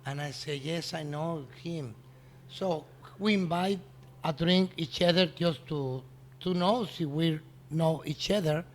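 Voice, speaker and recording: Man telling a story in English. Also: a little high. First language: Spanish. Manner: halting, non-native English with frequent restarts, acts out the dialogue he quotes. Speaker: restaurant owner, interview guest. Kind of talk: anecdotal storytelling in an interview.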